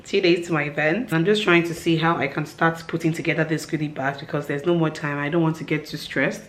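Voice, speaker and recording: A woman's voice: deep voice, steady tone, fairly quick. A woman in her thirties talking casually to camera as a vlogger, chatty and upbeat, with frequent um fillers. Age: 30s. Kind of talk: casual vlog chat to camera.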